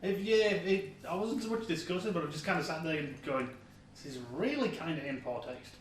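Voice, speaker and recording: Animated man talking a little off mic. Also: on the high side, brisk, far from the mic. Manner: sweary, laughs easily. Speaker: podcast co-host. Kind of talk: casual banter. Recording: echoey room, off mic, faint noise.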